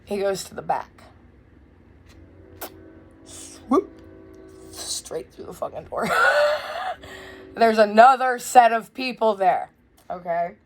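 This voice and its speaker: A young woman telling a wild story in a casual, blunt, profane way, loud and animated. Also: medium pitch, moderate pace, faint music behind. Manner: blunt, profane, swears freely. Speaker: vlogger.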